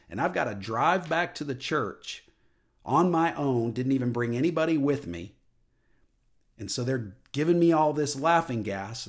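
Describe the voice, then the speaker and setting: Earnest man telling a personal story. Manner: earnest storytelling, drops soft and low at emotional points. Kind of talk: personal testimony. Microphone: studio microphone.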